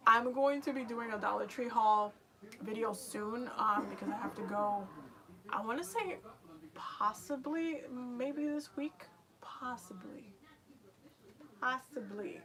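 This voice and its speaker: A young woman with a New York accent, hosting a livestream and chatting casually with viewers, rambling with lots of fillers. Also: medium pitch. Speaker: livestream host.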